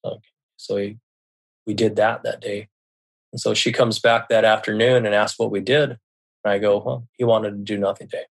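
A man telling a personal story in casual speech, often stopping to repeat words or restart a sentence, with a louder voice when quoting others and a very soft one for soothing lines. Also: on the low side, flat delivery, moderate pace, vocal fry. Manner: quotes others in a raised voice and drops very quiet for soothing lines.

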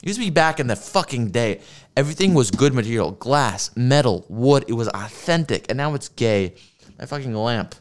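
Man, streamer rant, crude and sarcastic, smooth resonant voice, desk mic. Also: medium pitch, animated, normal speed. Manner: profane, sarcastic rant with laughs. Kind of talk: ranting commentary while watching videos. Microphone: streaming mic at a desk with a mixer.

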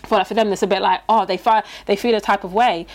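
A woman in casual chat, talking quickly and chiming in with agreement. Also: medium pitch, fairly even intonation. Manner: fast, chatty, agreeing with frequent interjections.

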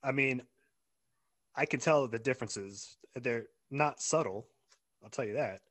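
Male co-host, mid-pitched, playful banter. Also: unhurried, a bit bright. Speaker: podcast co-host. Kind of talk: casual chat.

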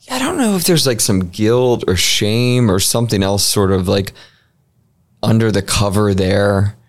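A man's voice: lowish voice, lively intonation, measured pace. A man co-hosting a podcast, talking in a thoughtful, casual way with lots of hedging fillers. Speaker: podcast co-host, psychologist. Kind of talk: casual chat.

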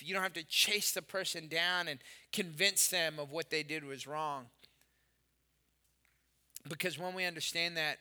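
Animated high-voiced male pastor preaching. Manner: animated storytelling, swings from loud to hushed. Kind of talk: sermon. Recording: hall reverb.

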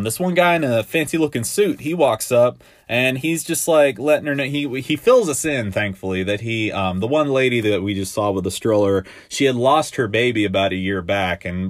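A man's voice: mid-range voice, no echo. A young man casually recapping a TV episode, rambling with lots of fillers and side remarks. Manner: rambling, laid-back, lots of fillers and quick asides. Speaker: podcast host.

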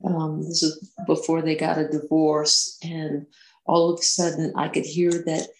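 Guest: woman, gravelly voice, halting delivery, roomy echo. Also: sits low, monotone. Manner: hesitant, many restarts and fillers. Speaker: interview guest. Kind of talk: casual recounting of personal experiences.

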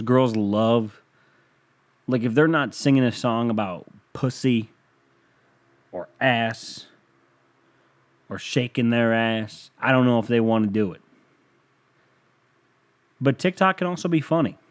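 A man's voice: mid-range voice, a little slow, pauses often. A young man hosting a podcast in a rambling, profane, self-mocking casual monologue. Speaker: podcast host.

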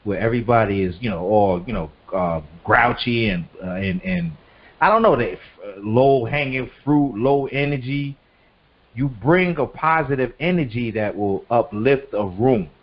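Excited man hosting an interview. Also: mid-range voice, measured pace. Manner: enthusiastic, repeats words, asks questions. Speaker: podcast co-host. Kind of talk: casual interview talk. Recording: dull lo-fi audio.

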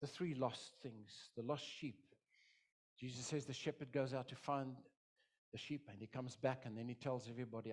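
A man's voice: mid-range voice, fairly even intonation, moderate pace. A middle-aged man preaching as a pastor, with an impassioned, repetitive delivery that swells and drops. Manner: impassioned, repetitive preaching with dramatic quoted voices. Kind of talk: sermon.

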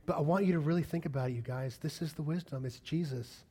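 A man's voice: on the high side, fast talker, slightly rough. A middle-aged man preaching a sermon, telling stories and acting out the people in them. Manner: animated storytelling, acting out quoted voices. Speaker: pastor.

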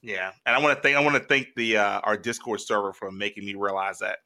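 Bright-voiced man rambling excitedly. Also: fairly low pitch, fast talker. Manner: rambling and excitable, many restarts. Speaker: podcast co-host. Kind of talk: casual podcast chat.

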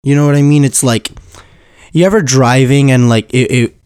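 A man's voice: medium pitch, moderate pace, darkish tone, clean tone, no room sound, clean studio sound. A man hosting a casual solo podcast, his voice stuffy from a cold, rambling and joking at himself as he trips over his words. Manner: rambling, self-mocking, stumbles over words. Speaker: podcast host.

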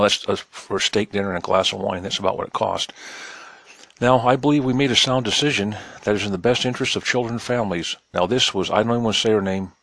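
A man's voice: on the low side, fairly bright tone, no echo. A man giving a sarcastic news commentary, reading reports aloud and mocking them while talking straight to his listeners in a folksy way. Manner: cynical, reads news aloud and mocks it; addresses listeners directly, folksy.

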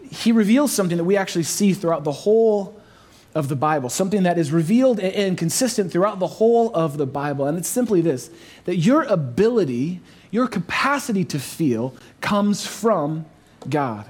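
A pastor with a fairly high voice delivers an earnest sermon. He leans into his points with emphasis and slows right down on the phrases he wants to land. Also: animated, darkish tone. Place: church overflow room.

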